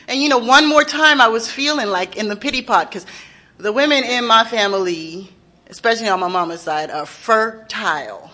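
A woman's voice: on the high side, normal speed, sharp tone. A woman telling a raw personal recovery story, candid and emotional, with frequent swearing. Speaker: recovery speaker sharing her story. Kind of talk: personal testimony.

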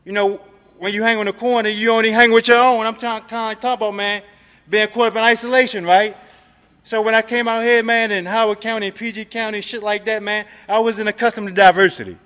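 A man's voice: high voice, fairly even intonation, fairly quick, pushed and bright, clear, resonant tone, big-room sound. A man from Maryland giving a personal recovery testimony, streetwise and profane, filling his talk with "man". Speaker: recovery speaker.

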